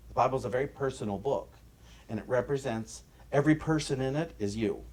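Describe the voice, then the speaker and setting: An American man delivering a sermon as minister, emphatic, with swings in pitch and loudness and frequent restarts. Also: fast talker. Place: church sanctuary.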